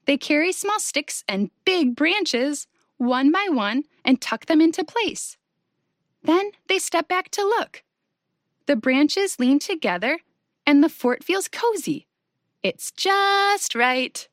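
A woman reading a children's story aloud in a gentle, sing-song way, speaking to young listeners. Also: sits high, no echo, clean studio sound.

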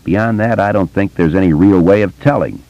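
A man voicing a careful, reserved grown man who speaks solemnly, at times in a high boyish chant. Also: mellow, no room sound, highs cut off. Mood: measured. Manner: measured, solemn.

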